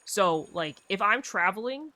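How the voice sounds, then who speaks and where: A woman's voice: medium pitch, animated, unhurried, pushed and bright, dry recording. A woman streaming a video game, chatting casually and rambling through stories while acting out what her friend said. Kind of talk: casual live-stream chat while gaming.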